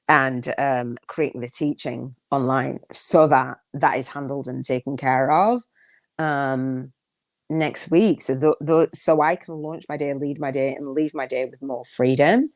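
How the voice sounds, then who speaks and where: A woman's voice: extremely low pitch, darkish tone, no echo. A woman hosting a solo podcast, talking casually and reflectively, rambling with restarts and repeated affirmations. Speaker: podcast host.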